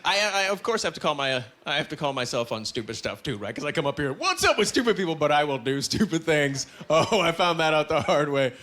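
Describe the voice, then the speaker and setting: A young man from Canada doing an animated stand-up set into a stage mic, breaking into loud character voices. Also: on the high side, fairly quick, hardly any pauses, slight background noise. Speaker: stand-up comedian. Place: comedy club stage. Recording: live club with audience.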